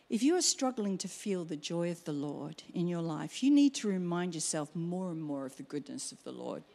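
A middle-aged woman preaching a sermon, acting out her own exclamations in an animated way. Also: on the low side. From Australia.

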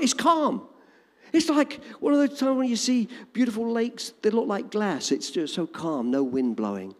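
A man preaching a sermon to a congregation, dramatic and animated. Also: high-pitched, normal speed, long reverb tail. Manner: animated, dramatic, shouting quoted lines.

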